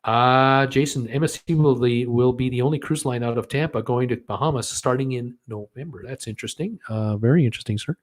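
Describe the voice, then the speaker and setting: A man's voice: medium pitch, fairly quick, few pauses. Chatty man hosting a trivia livestream. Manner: chatty, many "uh" fillers, chuckles at his own jokes. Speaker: host of a live cruise news and trivia stream. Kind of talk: casual live-stream chat reading viewer comments.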